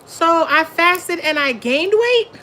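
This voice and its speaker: A woman's voice: very high voice, expressive, slow, bright, forceful tone, slight background noise, rough recording. A woman tarot reader chatting casually on a live stream, laughing often and talking in a blunt, slangy way. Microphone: phone or webcam on a live stream.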